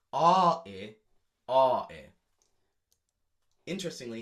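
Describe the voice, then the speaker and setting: A man's voice: mid-range voice, a bit bright. A man, a music educator, explaining song lyrics in a lecture with emphatic examples.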